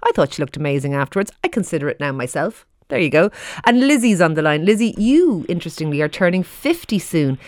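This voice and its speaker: Brisk woman radio host. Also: fairly low pitch, sing-song, a little mellow, no room sound, clean studio sound. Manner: brisk, reads listener messages, hurries callers along. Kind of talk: radio phone-in chat.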